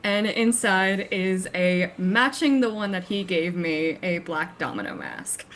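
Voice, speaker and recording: A woman's voice: on the low side, expressive, measured pace, a bit bright. Giggly woman playing a tabletop game. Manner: giggly, describes actions in first person. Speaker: player. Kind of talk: tabletop role-play.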